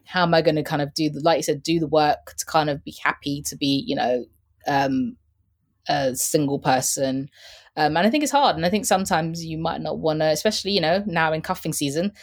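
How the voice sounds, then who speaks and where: A woman's voice: deep voice, fairly quick. A woman talking casually as a podcast guest and fashion insider, chatty, with frequent laughter and fillers. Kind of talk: casual chat about a TV show.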